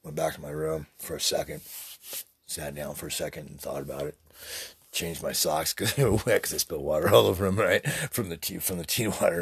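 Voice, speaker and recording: A man's voice: a bass voice, fairly even intonation, brisk, slightly rough, no echo. A man in his sixties preaching in a rambling, profane spiritual monologue as a podcast host. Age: 60s.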